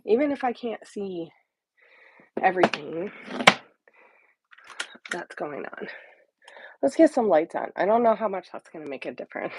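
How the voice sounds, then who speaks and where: A woman's voice: mid-range voice, very animated, normal speed, pauses often, mellow, slight background noise, rough recording. A woman hosting a casual crafting livestream from home into a phone or tablet mic, rambling and dropping into half-whispered asides to herself. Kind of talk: casual live-stream chat.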